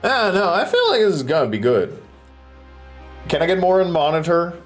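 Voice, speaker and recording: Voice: mid-range voice, big pitch swings, moderate pace, faint music behind. A streamer chatting on a live stream while building a stage, swearing freely and making goofy sound effects.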